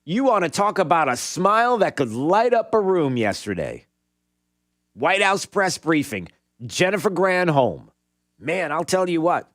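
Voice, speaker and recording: A man's voice: fairly high pitch, big pitch swings, measured pace, fairly bright tone, no echo, clean studio sound. A man hosting a talk radio show, giving an opinionated monologue in a sarcastic way and bantering with his producer.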